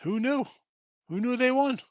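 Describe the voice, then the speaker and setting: A man hosting a sports betting show in casual chat, excitable and quick to swear, calling out viewers by name. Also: very high voice, no echo. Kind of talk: casual betting picks talk.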